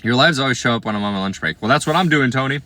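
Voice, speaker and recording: Chatty young man with a bright voice. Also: mid-range voice, lively intonation, very fast. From Iowa, USA. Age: 20s. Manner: chatty and playful, slangy, trailing off into quiet asides. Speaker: livestreamer. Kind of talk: casual livestream chat reading comments.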